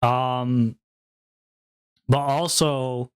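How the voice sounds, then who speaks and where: Young man, casual stream chat, average pitch, rambling, swearing, laughing. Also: fairly even intonation, very slow, smooth. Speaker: VTuber streamer.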